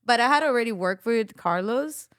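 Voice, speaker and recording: A woman's voice: on the high side, normal speed, clear, resonant tone, no room sound, studio quality. A young adult woman giving an emotional personal testimony as a podcast guest, acting out the voices of the people in her story. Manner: animated storytelling, acts out quoted voices.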